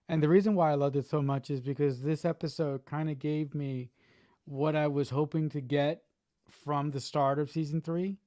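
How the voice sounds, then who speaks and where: A man's voice: a little high, warm tone, dry recording. Earnest man in a dry room. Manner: earnest, thoughtful with many fillers. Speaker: podcast guest. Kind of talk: casual chat.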